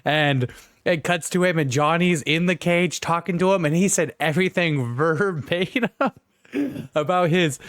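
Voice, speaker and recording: A man co-hosting a casual movie review podcast, retelling scenes with lively acted-out quotes. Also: on the high side, normal speed, no echo, clean studio sound. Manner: animated, retells scenes in voices. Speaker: podcast co-host.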